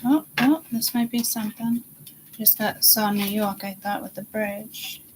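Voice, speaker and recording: A woman hosting her own psychic channel, talking casually and thinking aloud in slow, halting bits that trail off mid-thought. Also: mid-range voice, little pitch movement. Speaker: self-styled psychic channel host. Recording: clear background noise.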